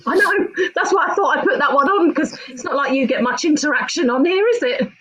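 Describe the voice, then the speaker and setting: A woman hosts a loose, jokey chat with friends. Her voice sits high, and she keeps teasing the others and breaking into laughter. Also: expressive, brisk, fairly bright tone, highs cut off. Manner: giggly, teasing. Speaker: host. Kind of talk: casual chat.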